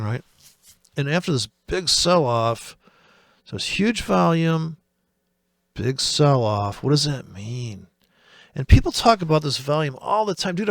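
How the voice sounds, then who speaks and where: Profane, gravelly trader ranting. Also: male voice, medium pitch, dry recording, studio quality. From United States. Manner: profane, rambling, sarcastic. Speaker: trading channel host. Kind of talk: casual market commentary.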